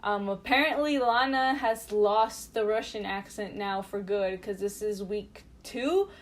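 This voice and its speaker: A woman co-hosting a podcast in casual chat, chatty and animated, with many fillers and restarts. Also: medium pitch, a little slow. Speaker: podcast co-host.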